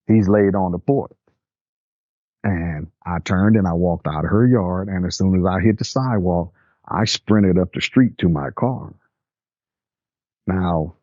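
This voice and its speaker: Fairly low in pitch, this older man tells a first-person story with plain, vivid, everyday language. The sound is dry and a bit muffled.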